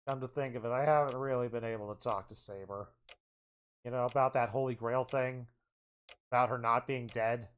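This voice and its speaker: Streamer narrating a visual novel, expressive, faint background music. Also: medium pitch. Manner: expressive, exasperated asides.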